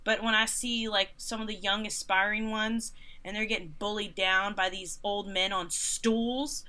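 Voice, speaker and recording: A woman in her thirties, a concert photographer and interview guest, telling stories in a casual, animated and sarcastic way, acting out other people's lines and using "like" a lot. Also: mid-range voice, measured pace. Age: 30s. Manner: frequent "like" fillers.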